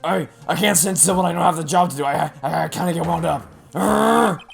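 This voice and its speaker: A man voicing a jumpy, eager male police detective who talks loudly and stammers. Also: a little high, creaky, soft background music, pitched above the performer's own voice. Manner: rushed, loud, stammering.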